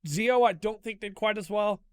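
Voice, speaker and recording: A man with a high, smooth voice talks through a show he loves, gushing and getting openly emotional as he retells it. The sound is dry and close, with no room around it. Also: fairly quick, no room sound. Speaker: host. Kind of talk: casual review monologue.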